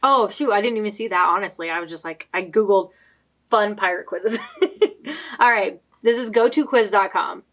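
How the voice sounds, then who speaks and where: A woman's voice: mid-range voice, normal speed, a bit bright. A young woman co-hosting a casual podcast chat, giggling often as she reads a quiz aloud. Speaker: podcast co-host.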